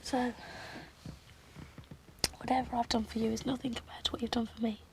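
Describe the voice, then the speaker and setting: A young woman, played by an actress speaking softly and confessionally in a TV drama, her higher voice gravelly at the edges. A faint hiss sits under the old recording. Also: level tone, normal speed, lightly acted. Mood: hushed. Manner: soft, hushed, confessional. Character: young woman confiding a painful secret.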